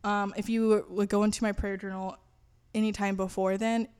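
A woman's voice: mid-range voice, little pitch movement, moderate pace, darkish tone, smooth. A woman guest in a podcast interview, talking candidly about her faith with fillers and laughs. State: voice cutting out. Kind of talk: personal testimony interview.

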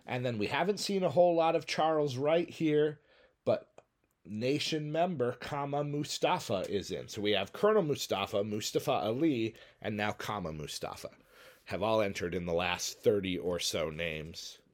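A man's voice: mid-range voice, expressive, moderate pace. A man hosting and narrating a simulated wrestling battle royal in a playful, jokey way, sometimes humming entrance music. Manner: playful, jokey, breaks into sung hums and mock announcer bits. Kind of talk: solo play-by-play commentary.

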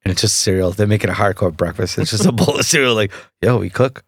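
A man co-hosting a casual podcast, joking and reacting quickly. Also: lowish voice, breathy edge, no echo, clean studio sound. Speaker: podcast co-host. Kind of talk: casual chat.

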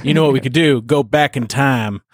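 A man's voice: medium pitch, moderate pace, no echo. A man in his thirties co-hosting a casual chat, tossing out dry joking asides. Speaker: podcast co-host.

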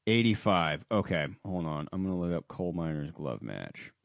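A man co-hosting a casual wrestling podcast, animated and loose, swearing and trailing off into asides. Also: deep voice, normal speed, vocal fry, no room sound, studio quality. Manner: animated, swearing, jumps between loud and mumbled asides. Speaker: podcast co-host.

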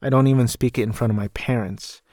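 Podcast host, male, young adult, rambling film recap, self-deprecating, mid-pitched, dry close mic. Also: steady tone, fast, a little mellow, no room sound. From United States. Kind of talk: casual film recap monologue.

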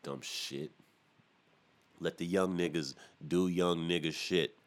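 Young male podcast host, booming low voice, loose profane rambling monologue. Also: slow pace. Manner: profane, animated ranting with laughs. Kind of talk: casual solo podcast rant.

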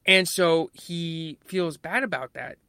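A man with a bright, forceful voice recorded close and dry. He chats casually and animatedly about a film, swearing freely and slipping into the characters' lines as he retells scenes. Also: a little high, slow, clear, resonant tone, dry recording.

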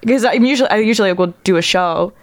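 A woman's voice: medium pitch, fast. A young woman, a podcast guest, chatting casually in a slightly nervous, self-deprecating way. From not Canada. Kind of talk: casual chat.

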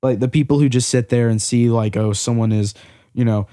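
A man's voice: medium pitch, a little fast, warm tone, dry recording, studio quality. A man hosting a casual podcast, talking about his music in a rambling, self-deprecating way with lots of fillers, into a mic with a pop filter. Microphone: studio mic with pop filter.

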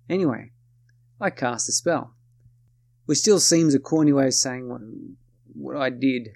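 Gravelly man telling a story. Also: mid-range voice, darkish tone, no echo, clean studio sound. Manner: casual, self-correcting, wry. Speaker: narrator. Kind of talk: first-person storytelling podcast.

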